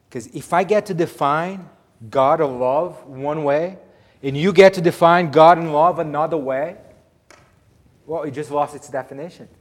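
A man preaching a sermon, emphatic, swinging between loud declarations and hushed asides. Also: on the high side. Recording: long hall reverb.

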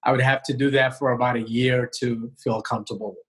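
Husky-voiced man rambling about stand-up. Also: medium pitch, a little fast, low-quality recording. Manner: relaxed, rambling, lots of fillers and restarts. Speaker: comedian guest. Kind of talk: casual interview chat. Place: home, remote video call. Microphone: video call.

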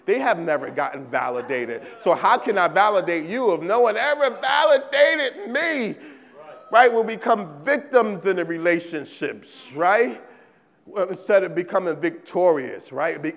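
Male pastor, high voice, emphatic sermon, repeats key phrases, long church reverb. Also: vocal fry. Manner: emphatic preaching, repeats phrases, asks "right?" often. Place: church sanctuary.

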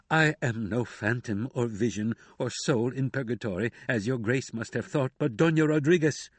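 A proud, touchy older woman servant from a storybook, speaking low and plaintive, as a male narrator puts her on. The tone is husky and close-miked. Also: no room sound, close to an everyday voice. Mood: grieving. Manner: low, grieving and indignant.

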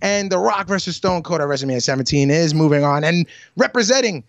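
A man co-hosting a podcast in casual chat, excitable, swearing freely and restarting his sentences. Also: on the high side, fast, gravelly, no echo, highs cut off. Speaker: podcast co-host.

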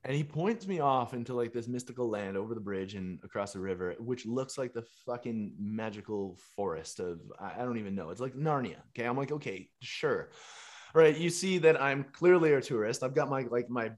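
A man, telling a casual, animated story as a musician and coach, laughing and swearing freely as he goes. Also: mid-range voice, brisk. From Canada.

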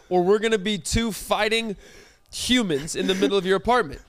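High-voiced animated young man. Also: a little fast. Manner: animated storyteller, acts out voices. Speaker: podcast co-host. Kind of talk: casual podcast banter.

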